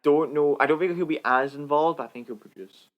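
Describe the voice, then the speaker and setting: A man's voice: fairly high pitch, a little fast, highs cut off. A man co-hosting a casual film podcast, reading out the week's news in a rambling, hesitant way with many fillers. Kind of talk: casual chat.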